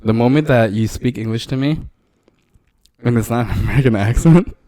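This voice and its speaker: A man's voice: medium pitch, fairly quick, dark tone, no room sound. A young man co-hosting a podcast, telling stories in a loose, rambling way with lots of fillers. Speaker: podcast co-host. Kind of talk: casual chat.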